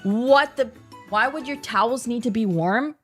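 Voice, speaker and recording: A woman's voice: on the high side, measured pace, soft background music. Chatty New woman streamer. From New Zealand. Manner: chatty, slangy, animated, jumpy. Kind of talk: casual chat.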